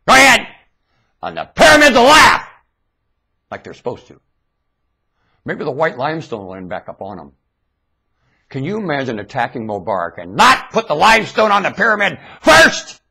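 Erratic, gravelly man ranting at a webcam. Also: wildly swooping pitch, moderate pace, long pauses. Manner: erratic, swings from shouting to low muttering. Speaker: vlogger. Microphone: webcam mic.

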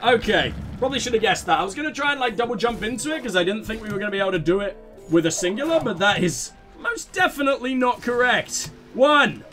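A man with a high voice talks through a video game, swearing freely and mocking himself as he goes. His pitch leaps around with lively energy. Game music plays faintly behind him. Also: quick pace. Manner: excitable, swearing, self-mocking. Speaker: let's play host.

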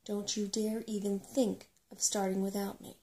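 A woman voicing a small, anxious, food-loving female brownie, her voice lifting high, in a whispered role-play. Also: moderate pace, gravelly, warm tone, a little hiss or hum, natural voice.

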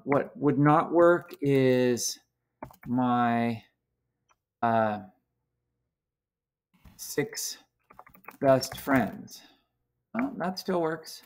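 A man teacher talking through a coding lesson on screen, halting and full of fillers. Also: medium pitch, vocal fry. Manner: slow, halting, many fillers.

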